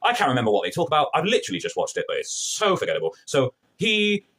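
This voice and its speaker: Fast-talking, animated male TV reviewer. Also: medium pitch, slightly rough. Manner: sarcastic, animated, acts out scenes in mocking voices. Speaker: TV review vlogger. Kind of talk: casual spoken TV review.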